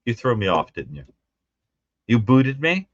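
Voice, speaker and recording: A man's voice: mid-range voice, very animated, unhurried, no room sound, dull audio. A man co-hosting a call-in show as a psychologist, playful, teasing and theatrical as he banters with a caller. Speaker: psychologist co-host.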